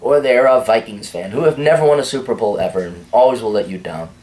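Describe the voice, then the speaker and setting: A man's voice: fairly low pitch, fast talker, darkish tone. Blunt, sardonic man ranting. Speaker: host. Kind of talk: casual opinion monologue.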